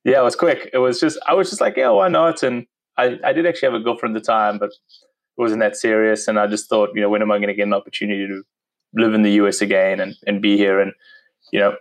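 A man's voice: lowish voice, fairly even intonation, quick pace, poor audio. A man in his thirties with a South African accent, chatting casually as an interview guest and laughing easily. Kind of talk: casual conversation.

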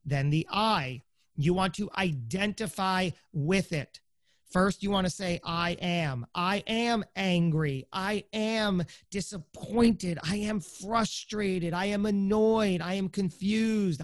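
A man's voice: sits high, dry recording, studio quality. A man in his forties, a podcast guest, explaining a coaching method step by step and acting out inner thoughts.

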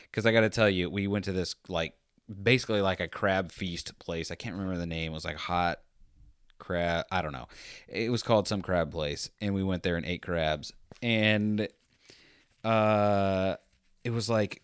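A man hosting a podcast, telling a rambling, animated anecdote in a casual monologue and acting out the quotes as he goes. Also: sits low, clear, resonant tone, no echo, clean studio sound. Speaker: podcast host.

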